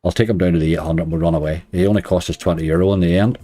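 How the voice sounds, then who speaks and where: A man's voice: low voice, fairly even intonation, racing, dark tone, faint music behind. A middle-aged man with a Northern Irish accent, streaming online slots and chatting casually while grumbling at the game. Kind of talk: casual live-stream commentary.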